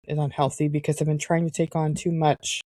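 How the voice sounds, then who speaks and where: Low warm-voiced woman, reflective. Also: flat delivery, no echo. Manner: reflective, halting, searching for words. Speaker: podcast co-host. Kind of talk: candid personal conversation.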